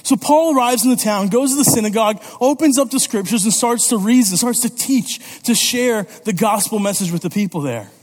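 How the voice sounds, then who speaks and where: A man preaching a sermon as youth pastor, lively and conversational, often checking in with "okay?" and "all right?". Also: high voice, fairly quick, hardly any pauses. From Italy. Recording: long reverb of a church hall.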